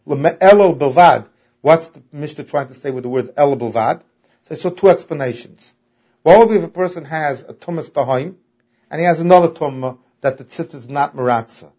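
A man's voice: on the high side, fairly quick, dark tone. A man teaching a Talmud lesson, reading the text and explaining it in a sing-song way that stresses key words. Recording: dull lo-fi audio.

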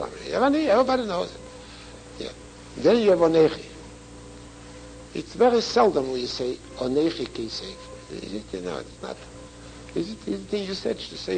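Gravelly, high-voiced man teaching scripture. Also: a little mellow, low-quality recording. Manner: chants Hebrew quickly, then explains slowly with repetitions. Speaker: Torah teacher. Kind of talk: Talmudic lecture with text reading.

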